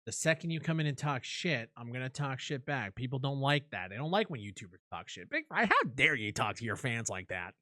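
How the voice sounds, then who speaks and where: Brash, sharp-toned streamer man ranting. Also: medium pitch, animated, brisk, hardly any pauses, no echo, clean studio sound. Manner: profane and combative. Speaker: streamer and YouTube host. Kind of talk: heated live-stream rant and argument.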